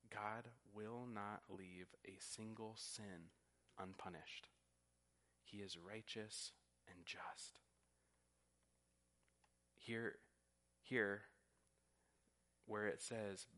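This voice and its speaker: A man's voice: on the low side, a bit bright. A man preaching a sermon, teaching earnestly and often repeating words as he goes. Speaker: pastor.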